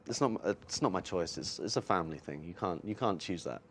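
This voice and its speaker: Laid-back English guy in his 30s, low voice, chatty musician guest who laughs a lot. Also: expressive, fairly quick, fairly bright tone, slight background noise. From near London, England. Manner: laid-back, laughs often, ends phrases with "man". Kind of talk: casual interview chat. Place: music venue in Las Vegas.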